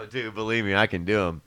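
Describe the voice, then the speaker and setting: Middle-aged guy hosting a livestream, low-ish voice, laughs a lot, swears casually. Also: noisy background. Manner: laid-back, laughs often, swears casually. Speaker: livestream host. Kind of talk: casual chat. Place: studio.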